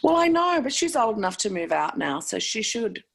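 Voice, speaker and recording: An Australian woman in casual podcast chat, a lively storyteller who swears freely and laughs often. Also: mid-range voice, normal speed, gravelly, breathy edge.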